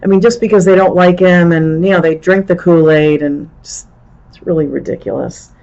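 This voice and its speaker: A woman's voice: on the low side, moderate pace, gravelly, dark tone, lo-fi sound. A middle-aged woman hosting a live political commentary stream, ranting in an exasperated, rambling way with frequent restarts. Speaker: show host.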